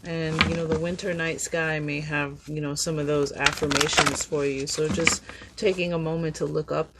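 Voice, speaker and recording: A woman giving a casual, upbeat tarot reading, chatty and quick to laugh. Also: sits low, flat delivery, very noisy. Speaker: tarot reader.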